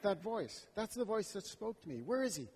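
A man's voice: high voice, very animated, moderate pace, darkish tone, husky. A man telling a story as a first-person dramatic monologue, in an intimate, reflective inner voice. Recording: long hall reverb.

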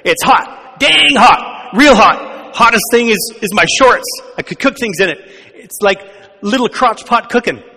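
Man shouting as a cranky desert soldier. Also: high-pitched, expressive, unhurried, long reverb tail, voice pushed up, heavily acted. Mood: griping. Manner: loud, exasperated, shouting complaints. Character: hot, cranky male Israelite soldier in the desert.

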